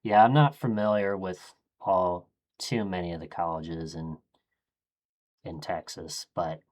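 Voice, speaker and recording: A man streaming, thinking aloud in a casual, low-key way as he murmurs his choices one after another. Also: steady tone, measured pace.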